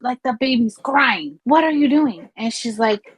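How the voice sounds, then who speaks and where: Husky middle-aged woman telling stories. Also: on the high side, normal speed, few pauses, low-quality recording. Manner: animated, acts out quotes, swears freely. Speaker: funeral director. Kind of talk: casual podcast storytelling.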